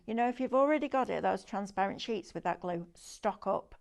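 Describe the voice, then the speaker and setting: Gravelly woman selling craft supplies. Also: mid-range voice, lively intonation, brisk. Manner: chatty, enthusiastic, sales patter with demonstrations. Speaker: craft shopping presenter. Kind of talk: live shopping demo.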